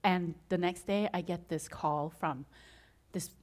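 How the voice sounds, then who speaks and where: A woman giving an inspirational talk to an audience, telling her story with frequent laughter and acting out her own excited reactions. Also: lowish voice, a little slow. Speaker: motivational speaker.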